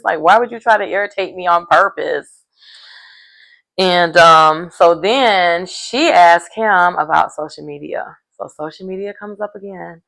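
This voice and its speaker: A woman's voice: fairly low pitch, normal speed, gravelly, a bit bright. A woman recapping a reality show in a rambling, chatty way, full of fillers. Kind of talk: casual recap chat.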